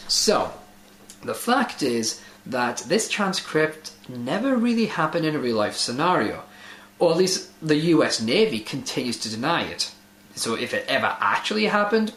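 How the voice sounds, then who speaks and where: A man's voice: on the high side, a bit bright. A man hosting a casual online video, sardonic and swearing freely as he comments, in an echoey room. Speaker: host.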